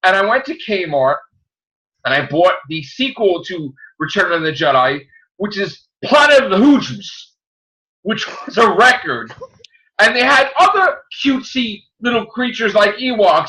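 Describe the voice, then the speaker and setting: Loud, animated man ranting. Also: sits high, a little slow, poor audio. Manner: animated ranting, shouting in mock outrage. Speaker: podcast host. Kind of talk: casual chat.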